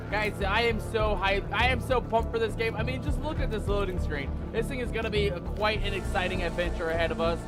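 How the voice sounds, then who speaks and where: A very high-pitched man greets his stream crew in a playful pirate-captain persona, calling everyone mateys. Clear music plays underneath his voice. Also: brisk, hardly any pauses. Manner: theatrical pirate-captain patter, calls viewers mateys. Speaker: gaming streamer host.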